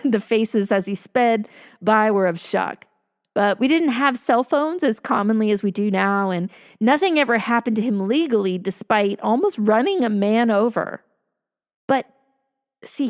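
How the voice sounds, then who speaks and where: A middle-aged woman casually telling a personal story, often chuckling and breaking off into asides and self-corrections. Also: fairly high pitch. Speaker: storyteller recounting her own life.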